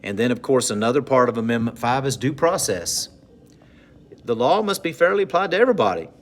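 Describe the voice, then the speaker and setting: A man teaches a recorded civics lesson. He talks in a loose, conversational way, cracking small jokes and repeating terms for note-takers. His voice sits at an ordinary middle pitch. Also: animated, fairly quick, slight background noise. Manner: conversational, jokey, repeats points for note-taking.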